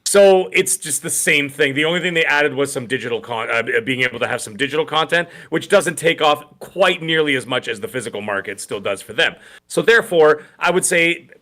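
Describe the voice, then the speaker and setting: A middle-aged man co-hosting a gaming podcast in rambling, animated casual chat with many restarts. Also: a little high, fairly quick, few pauses. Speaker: podcast co-host.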